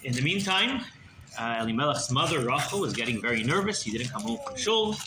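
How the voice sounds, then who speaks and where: A rabbi telling a story in a sermon, animated and conversational, often checking in with the listeners, recorded in an echoey room with background noise. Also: male voice, a little high, brisk. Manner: animated, conversational, asks "right?".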